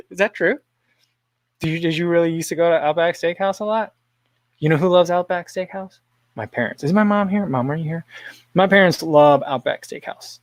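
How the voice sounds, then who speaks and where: A man's voice: on the high side, dry recording. Dry, rambling livestream host man. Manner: rambling, chuckles often, reads viewer comments aloud. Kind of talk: casual livestream chat.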